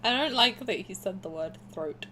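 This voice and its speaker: Woman in her twenties, posh southern English accent, lively swooping pitch, chatty gaming commentary. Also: normal speed, slight background noise. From south of England. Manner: chatty, animated, rambling asides. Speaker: streamer. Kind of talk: gaming commentary and reading aloud.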